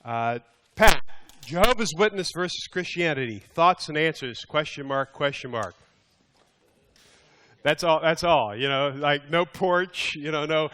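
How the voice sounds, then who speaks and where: A middle-aged man giving a lively teaching talk to a men's group in a meeting room, reading emails aloud with mock indignation. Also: a little high, unhurried, smooth. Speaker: Bible study teacher. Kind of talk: live sermon to a men's group.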